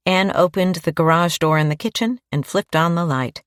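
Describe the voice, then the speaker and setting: A woman narrating a crime audiobook in a steady, measured read on a close mic. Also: lowish voice, clean tone, dry recording. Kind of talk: scripted narration.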